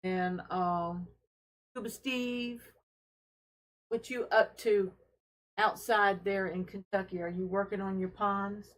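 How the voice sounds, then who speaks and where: A woman hosting a casual fish-keeping live stream from her home fish room, talking in an unhurried, friendly way with fillers as she carries her camera from tank to tank. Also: mid-range voice, fairly even intonation, low-quality recording. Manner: unhurried, friendly, talks while showing tanks, with fillers. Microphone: handheld camera she carries around.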